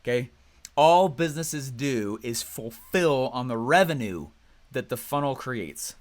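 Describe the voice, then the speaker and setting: A young man coaching course members with lively energy, now and then acting out excited and angry clients. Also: mid-range voice, measured pace.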